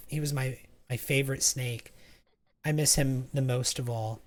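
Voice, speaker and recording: A man's voice: medium pitch, steady tone, moderate pace. A man streaming a game, chatting casually in a rambling way, reading chat aloud and often restarting his sentences.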